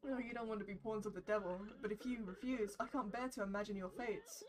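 A woman voicing a wise old male kettle, reading a game's storybook lines aloud in a calm, advising way. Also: mid-range voice, fast talker, lightly acted. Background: game music.

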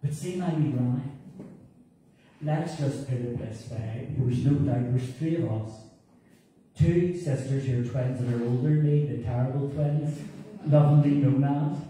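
A middle-aged man with a Northern Irish accent, a pastor telling humorous family stories in a sermon. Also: medium pitch. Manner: warm anecdotal, humorous asides. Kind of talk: storytelling sermon. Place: church hall. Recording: echoey church from far off, faint noise.

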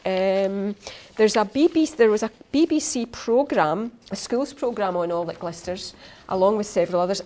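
A middle-aged Scottish woman, an author giving an informal conference talk to teachers, chatty and full of fillers and restarts. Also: medium pitch.

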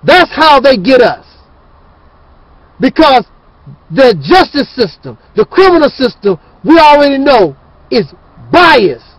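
A man's voice: very high-pitched, big pitch swings, slow pace, long pauses, no room sound, rough recording. A man hosting his channel, ranting in a fiery, preachy and scornful monologue. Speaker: channel host.

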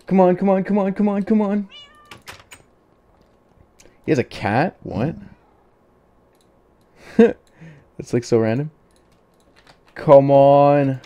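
A man's voice: sits high, takes it slowly, long pauses, mellow, muffled recording. A man doing let's play commentary of a game, exasperated and pleading, with jokey asides. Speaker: gaming youtuber.

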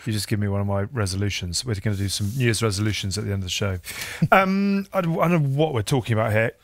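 A man's voice: on the low side, fast. A man hosting a podcast interview who leads the guest with questions. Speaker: podcast host.

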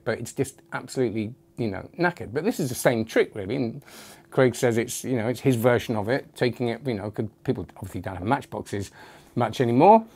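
A man hosting a casual magic review. He talks in a rambling, chatty way, jumping between thoughts and restarting his sentences. His voice sits at an ordinary middle pitch. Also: a little mellow. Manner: rambling, self-interrupting.

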